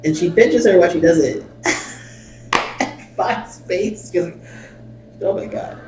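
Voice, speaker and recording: A man with a high-pitched voice speaks slowly while hosting a reaction video, bluntly commenting and reading subtitles aloud with swearing and exasperation. The recording has an echoey room, a distant mic and faint noise.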